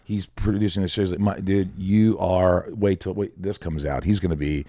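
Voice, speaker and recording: A man's voice: low-pitched, normal speed, no echo, studio quality. A man on a podcast, telling a story in a casual chat and acting out the other people's lines. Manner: animated storyteller, acts out quoted voices, swears casually. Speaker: podcast guest, actor.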